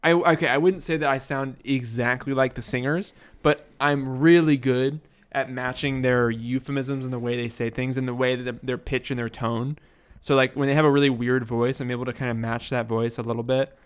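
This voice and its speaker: A man's voice: mid-range voice, fairly even intonation, moderate pace, hardly any pauses, smooth. A young man co-hosting a casual podcast in a basement, joking around and slipping into silly accents. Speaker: podcast co-host. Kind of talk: casual chat.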